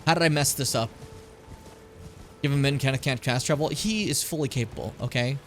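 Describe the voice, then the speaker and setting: A man's voice: medium pitch, fairly quick, fairly bright tone, a little hiss or hum. A man streaming a video game, giving casual commentary, chatty and joking, swearing freely and talking to his viewers.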